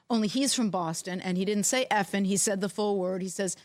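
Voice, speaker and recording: A middle-aged woman, co-host of a podcast, telling animated anecdotes in casual chat. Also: medium pitch, fast, hardly any pauses, no room sound. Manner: animated anecdotes, lively quoted voices. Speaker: podcast co-host, former team executive.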